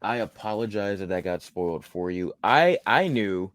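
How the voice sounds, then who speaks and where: A man's voice: lowish voice, expressive, moderate pace, a bit bright, slight background noise. A man co-hosting a podcast, chatting casually and enthusiastically about a horror film, rambling with many restarts. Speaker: podcast co-host. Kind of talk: casual film review chat.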